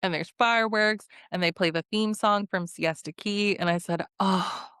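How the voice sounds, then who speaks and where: A woman's voice: medium pitch, moderate pace, fairly bright tone, clear, resonant tone, no echo, studio quality. A young woman hosting a casual, sarcastic recap vlog, chatting and laughing often. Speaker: recap host.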